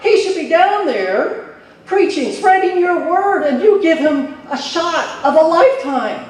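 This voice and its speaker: A man voicing a bewildered male angel who complains quickly and with exasperation. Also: very high voice, expressive, voice pushed up. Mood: indignant. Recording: echoey hall from far off.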